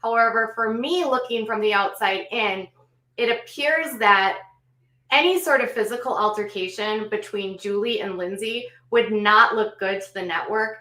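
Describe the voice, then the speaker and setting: A woman host recapping a story and adding her own commentary, in a measured way with frequent ums and self-corrections. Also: mid-range voice, sharp tone. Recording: echoey room, voice a bit off the mic.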